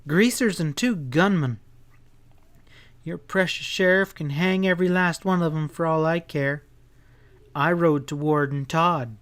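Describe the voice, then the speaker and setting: A man's voice: on the high side, a little slow, fairly bright tone, pitched above the performer's own voice. A man voicing a fiery, defiant young cowgirl with a throaty voice in a western audiobook. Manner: curt, defiant. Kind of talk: audiobook character voice.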